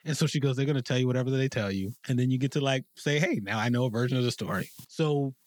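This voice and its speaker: A man in his thirties, an interview guest, telling his story candidly, laughing often and growing animated when he quotes others. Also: mid-range voice, fast talker, no room sound, clean studio sound.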